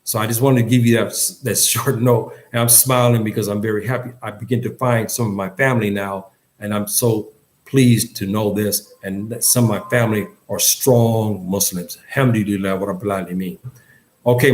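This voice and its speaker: A man giving an Islamic lesson in English, earnest and emphatic, often repeating himself and restarting his sentences. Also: on the low side. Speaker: religious teacher.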